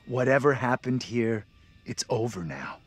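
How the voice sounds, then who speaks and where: An actor playing a calm, skeptical man who reasons dryly with a frightened group. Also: medium pitch, measured pace, breathy edge, dry recording, soft background music.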